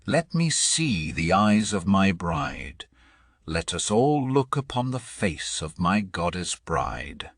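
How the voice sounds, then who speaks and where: A huge, jeering frost giant king, played by a male reader, growling and bellowing his demands. The voice is husky and deep with a slow, heavy delivery. A dry, close storybook audiobook. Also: big pitch swings, no room sound, exaggerated voice. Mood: demanding.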